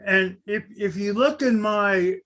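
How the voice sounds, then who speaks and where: A slow, deliberate older man with a fairly high voice, recounting a battle in unscripted talk. He halts often and leans on fillers as he pieces his account together. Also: fairly bright tone. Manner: halting, full of uh fillers. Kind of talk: unscripted recollection.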